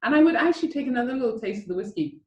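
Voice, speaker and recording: A woman's voice: a little high, lively intonation, very fast, a little mellow, echoey room, muffled recording. A woman hosting a guided whisky and chocolate tasting over a video call, chatty and enthusiastic as she coaches the listeners.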